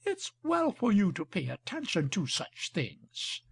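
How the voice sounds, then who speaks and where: A dry, skeptical baroness with a sharp tongue, voiced by a man reading her part. Her voice is husky and gravelly, and it moves slowly. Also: high-pitched, wildly swooping pitch, heavily acted.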